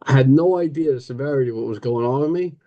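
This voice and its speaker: A man's voice: medium pitch, fast, dark tone, lo-fi sound. A middle-aged man with a New York accent, telling his recovery story at a meeting in a joking, wise-guy way and acting out the dialogue.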